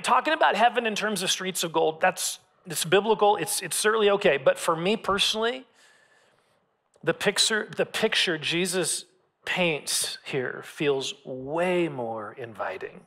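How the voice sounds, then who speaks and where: A man giving a sermon as a pastor, talking in a relaxed, conversational way and often repeating his phrases. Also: high-pitched, creaky. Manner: conversational preaching, repeats phrases, varied pace.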